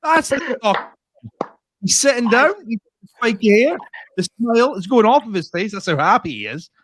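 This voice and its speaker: A man's voice: very high voice, expressive, normal speed, fairly bright tone, no room sound. A Scottish man comedian chatting as a guest on a video call, sweary and self-deprecating. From Scotland. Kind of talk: casual chat.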